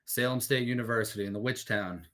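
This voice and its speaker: A young man from the Boston area, a guest on a podcast, talking in a relaxed, laid-back way with plenty of "you know"s. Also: mid-range voice, fast talker. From Boston area, USA. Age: young adult. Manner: relaxed, laid-back, uses many fillers. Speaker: insurance agent, podcast guest. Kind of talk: casual interview conversation.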